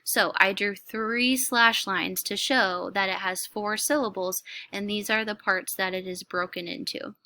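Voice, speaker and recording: Woman teacher, bright tone with some fry, clear and instructive classroom delivery. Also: mid-range voice, fairly even intonation, slight background noise. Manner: slow, clear, instructive, stretches words to clap syllables. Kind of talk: classroom lesson explanation. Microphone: recorded lesson video.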